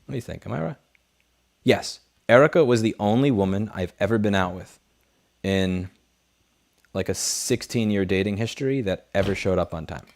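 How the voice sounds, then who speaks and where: A man hosts a late-night livestream from a home desk setup, talking straight into a studio mic. His voice sits a little low. He chats in a blunt, rambling way, swears freely and answers viewer messages. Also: moderate pace, creaky. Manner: blunt, profane, rambling storyteller. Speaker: livestream host. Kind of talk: casual chat, reading viewer messages. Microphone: studio headset mic.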